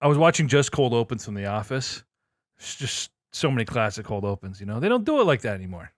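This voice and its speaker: Lively, teasing male podcast host. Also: mid-range voice, fast, dry recording, studio quality. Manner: teasing, animated banter. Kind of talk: casual chat.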